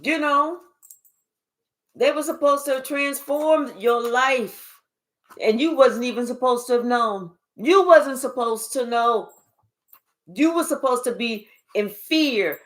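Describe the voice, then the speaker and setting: A woman giving a casual spiritual reading in a high voice, taking her time over each phrase. She talks in an animated, profane way and often slips into acted-out voices of the people she describes. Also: unhurried. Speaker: spiritual reader. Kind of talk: casual live reading monologue.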